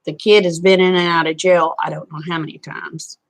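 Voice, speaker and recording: A woman's voice: lowish voice, flat delivery, a little fast. Chatty woman live-streaming. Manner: folksy and chatty, greets viewers by name. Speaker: vlogger. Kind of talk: casual live-stream chat.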